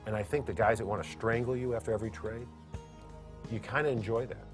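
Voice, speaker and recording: A man's voice: lowish voice, steady tone, quick pace, soft background music. A male trader speaking emphatically and candidly in a documentary interview.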